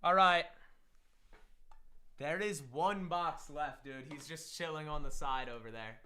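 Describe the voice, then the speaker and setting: Young male pack-opening streamer, hyped and slangy, slow delivery, bright voice. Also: on the high side, clean tone, soft background music. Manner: hyped, slangy, talks to chat. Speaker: livestream host opening card packs. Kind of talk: casual livestream chat.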